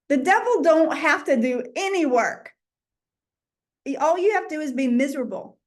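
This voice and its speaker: A middle-aged woman with a New England accent gives an informal, animated Bible lesson, acting out imagined voices. Her voice is high.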